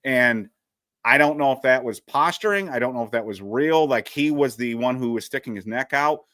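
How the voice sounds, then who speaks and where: A man co-hosts a sports talk show, trading dry jokes at his own expense. His voice is mid-pitched and plain. The recording is close and dry, with no room sound. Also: normal speed, fairly bright tone, no room sound. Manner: wry, joking, self-deprecating. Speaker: senior editor, co-host. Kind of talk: casual sports chat.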